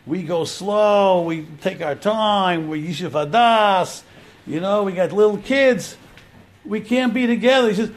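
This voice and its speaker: A man's voice: high-pitched, measured pace, a little hiss or hum. A man giving an informal religious lecture, telling the story animatedly and acting out the quotes. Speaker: Torah teacher.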